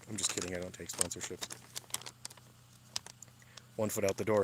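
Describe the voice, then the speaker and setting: A man's voice: fairly low pitch, fast, long pauses, noisy background. A man livestreaming casually from a mountain campsite at night, huffing and puffing in the thin air. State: out of breath.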